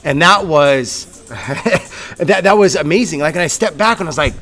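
Fervent coach swearing freely, faint music. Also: male voice, a little high, lively intonation, moderate pace, fairly bright tone. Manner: fervent, swears freely, repeats words when worked up. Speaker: coach and podcast co-host. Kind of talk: casual motivational podcast talk. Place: gym.

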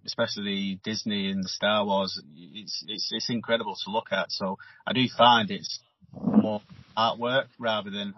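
A man's voice: fairly low pitch, husky, no room sound. A man hosting a podcast, chatting casually with his guest. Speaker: podcast host. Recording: dull lo-fi dry sound.

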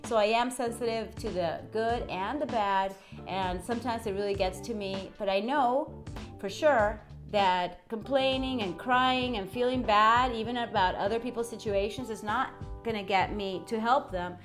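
A woman hosts a motivational podcast in a higher-pitched voice, full of shifting tone and inflection. She talks chattily and keeps checking in with her listener. Faint music plays behind her. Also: moderate pace. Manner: expressive, changes tone and inflection, gets excited. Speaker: podcast host.

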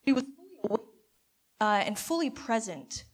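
A woman giving a halting, imaginative reflection at a church gathering, with many restarts. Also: fairly high pitch, big pitch swings. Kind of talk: sermon reflection.

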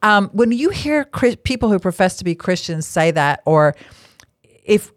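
This woman, a podcast host and lay marriage counselor, sits at a table indoors giving a casual Christian teaching talk that's frank, bottom-line and full of chatty asides. Her medium-pitched voice is sing-song and a little slow, recorded at studio quality without echo.

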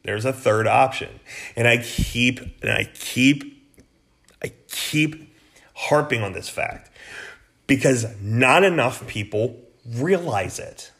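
A man's voice: medium pitch, animated, takes it slowly, a bit bright. A man hosting a political podcast, delivering an angry, profane rant in a blunt, heated way. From United States.

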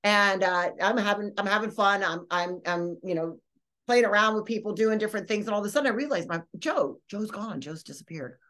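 A woman podcast host telling a story in a rambling, animated way, full of fillers and restarts. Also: mid-range voice, brisk. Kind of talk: casual storytelling.

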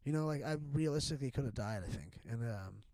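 A man's voice: mid-range voice, animated, fast talker, a little mellow. Rambling, profane middle-aged man. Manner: rambling, profane, full of restarts and fillers. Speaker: podcast guest. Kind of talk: candid casual chat.

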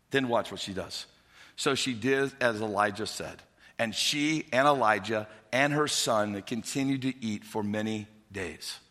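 A male pastor preaching a sermon, telling stories in a lively way and acting out the characters as he goes. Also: medium pitch, moderate pace. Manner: animated storytelling, acting out characters. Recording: long hall reverb.

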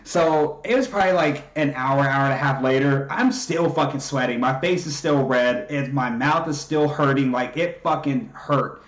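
Profane animated storytelling man, echoey room. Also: medium pitch, moderate pace, few pauses. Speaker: podcast co-host. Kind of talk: casual storytelling chat.

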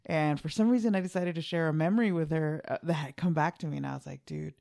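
A young woman with a lowish voice telling an animated, swear-filled story on a casual podcast. She jumps into acted-out bits of dialogue and laughs along as she tells it. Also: quick pace, creaky. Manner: candid, profane, animated anecdote telling. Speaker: podcast co-host. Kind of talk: casual chat.

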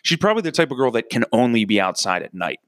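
In clean studio sound with no echo, a young man tells a crude, meandering comic story, poking fun at himself along the way. His mid-range voice is sing-song and fast.

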